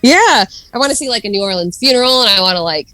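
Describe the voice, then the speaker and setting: A woman's voice: on the high side, lively intonation, fast talker, sharp tone, dry recording. A woman guest in a casual podcast chat, talking freely with fillers and frequent laughs. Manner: chatty, laughs often, many fillers.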